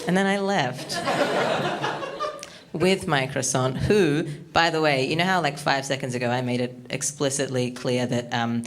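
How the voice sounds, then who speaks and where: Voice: medium pitch, fairly even intonation, moderate pace, few pauses, heavy background noise. A stand-up comedian doing a rambling, awkward, self-deprecating set with lots of ums, from Australia, recorded on a comedy studio stage.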